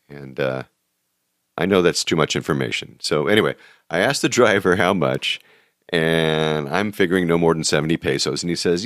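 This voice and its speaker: Low-voiced man telling chatty travel stories. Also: no room sound, clean studio sound. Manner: chatty, laughs at his own stories, many fillers. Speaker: travel show host. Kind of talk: casual anecdotal storytelling.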